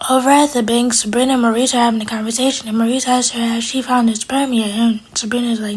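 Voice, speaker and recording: A woman recapping a TV episode in a casual, fast retelling, quoting the characters in her own voice. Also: fairly high pitch, little pitch movement, darkish tone, breathy edge, low-quality recording.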